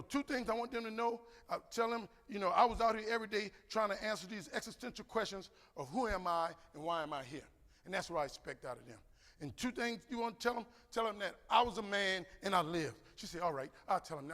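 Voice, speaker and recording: A man giving a motivational keynote, telling stories and acting out both sides of a conversation. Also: high-pitched. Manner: animated, preacherly, acts out both sides of a dialogue. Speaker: keynote speaker. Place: large conference hall. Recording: echoey hall with long reverb.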